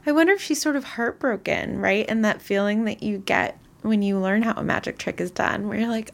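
A woman's voice: medium pitch, moderate pace, gravelly. A young woman casually retelling a story, chatty, full of voiced quotes and fillers. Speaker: guest.

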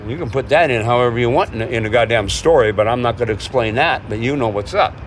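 A boat owner in his sixties talks fast in a medium-pitched voice during a casual outdoor interview at his home and harbor. He's candid and rambling and quick to laugh, with slight background noise present.

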